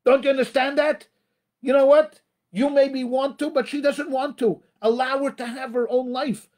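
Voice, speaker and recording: A rabbi giving a motivational talk on marriage, emphatic, repeating phrases and calling the audience ladies and gentlemen. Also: male voice, very high-pitched, steady tone, normal speed.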